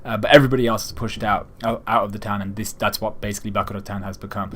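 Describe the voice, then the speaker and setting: A man's voice: fairly low pitch, steady tone, rapid-fire, a bit bright. A young man giving a casual, rambling chapter review of a manga, retelling scenes and slipping into quoted lines.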